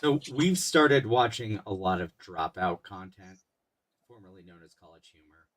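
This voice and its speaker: A man chatting casually as a guest co-host, telling a story in a relaxed way with a few restarts. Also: on the low side, normal speed. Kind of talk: casual chat.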